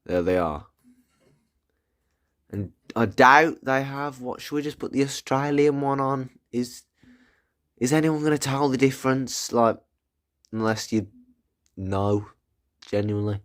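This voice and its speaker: A man's voice: mid-range voice, measured pace, pauses often, fairly bright tone. A man giving casual, rambling commentary while playing a video game, swearing and thinking aloud. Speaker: gaming video creator.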